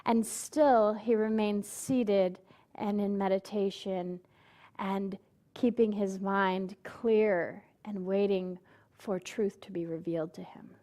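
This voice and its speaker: A woman's voice: medium pitch, steady tone, takes it slowly, warm tone. Woman minister telling a story in a sermon. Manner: storytelling, acts out quoted voices; questions the congregation directly.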